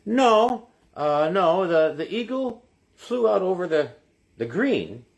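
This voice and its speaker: Man playing a rambling Irish golfer, put-on accent, quick and halting. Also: high voice, sing-song, creaky, full character voice. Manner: rambling, breathless storytelling.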